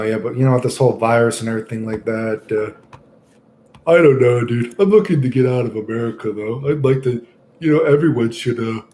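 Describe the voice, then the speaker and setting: A man's voice: medium pitch, warm tone, a little hiss or hum. A young man streaming live, chatting casually and rambling through stories with lots of swearing. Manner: rambling, casual, swears often, many fillers.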